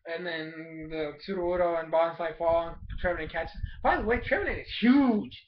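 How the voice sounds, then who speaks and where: Male reviewer, high voice, excitable casual recap with lots of fillers, dull lo-fi sound. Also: normal speed, a little hiss or hum. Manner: animated, fills speech with "like", mild cursing. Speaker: episode reviewer.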